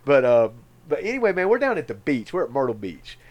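A middle-aged man, co-hosting a podcast and telling a story in a slangy, animated way, laughing often and calling the others man and dude. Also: mid-range voice, fairly quick, muffled recording. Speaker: podcast co-host. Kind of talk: casual storytelling chat.

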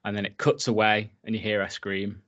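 A man's voice: fairly low pitch, level tone, fairly quick, sharp tone. A man casually recapping a horror film for his co-host, enthusiastic and swearing freely. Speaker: podcast co-host.

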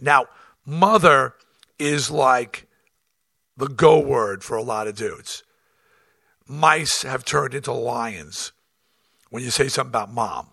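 A man with a gravelly, husky voice and a sharp, bright edge tells rough stories from years of touring. He talks in an animated, blunt and profane way, acts out quotes and keeps restarting his sentences. The sound is dry and close. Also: mid-range voice, takes it slowly, long pauses, no room sound. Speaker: rock band front man telling tour stories. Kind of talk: casual storytelling.

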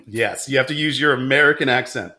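A man's voice: medium pitch, fast, sharp tone, lightly acted. A man playing a brusque male agency boss who recruits a new agent, in an improvised comedy skit. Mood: teasing. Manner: bossy, teasing, playful.

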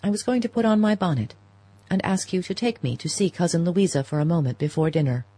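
A woman reading the part of a proper older society mother who is gentle, fretful and quietly insistent, in an audiobook. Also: lowish voice, lively intonation, fast talker, breathy edge, no echo, poor audio. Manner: mild, coaxing, quietly insistent.

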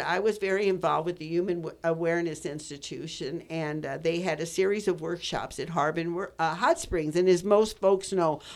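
Chatty woman in her eighties hosting radio. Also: fairly low pitch. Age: 80s. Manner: chatty, rambling, with many fillers and restarts. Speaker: radio show host. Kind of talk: casual radio talk, storytelling. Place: radio studio.

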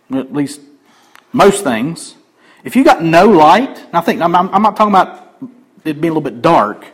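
A man preaching a sermon, swinging between emphatic raised passages and quiet conversational asides. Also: fairly high pitch, husky, poor audio. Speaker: pastor.

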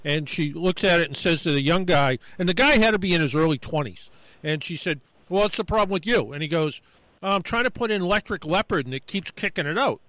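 A man's voice: a little high, lively intonation, a little fast, a bit bright, no room sound, poor audio. Rambling male storyteller, dry close sound. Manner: rambling storyteller acting out dialogue. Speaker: guest storyteller. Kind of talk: casual anecdote on a talk show.

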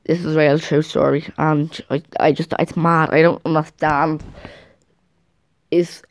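Rambling woman, lowish voice. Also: level tone, measured pace. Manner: rambling, chatty, restarts sentences often. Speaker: vlogger. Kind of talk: casual chat to camera. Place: at home.

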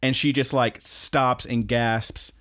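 A man's voice: mid-range voice, steady tone, slow, fairly bright tone. A young man co-hosting a podcast, recapping an anime in casual, rambling chat and laughing often. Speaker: podcast co-host.

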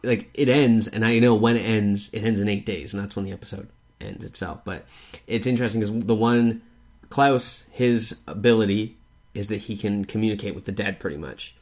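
A man's voice: lowish voice, moderate pace. A young man, co-hosting a podcast, telling stories animatedly and laughing often. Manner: animated storytelling, laughs often, swears casually. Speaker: podcast co-host. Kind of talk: casual chat.

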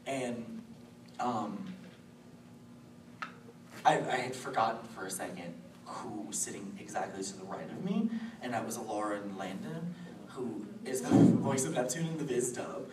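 A woman's voice: a bass voice, lively intonation, measured pace, long pauses. Giggly woman on an echoey far-off panel. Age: late 20s. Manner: bubbly, giggly, lots of "like". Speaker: convention panel guest. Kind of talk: casual panel chat. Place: convention panel room. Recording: echoey room recorded from far off with noise.

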